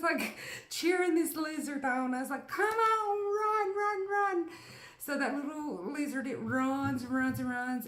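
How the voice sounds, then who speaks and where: A woman's voice: medium pitch, a bit bright. A middle-aged woman, telling a story to her family in a chatty, rambling way with lots of fillers. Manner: chatty, filler-heavy, cheering bursts. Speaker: storyteller mom. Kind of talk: casual spoken storytelling. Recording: echoey room.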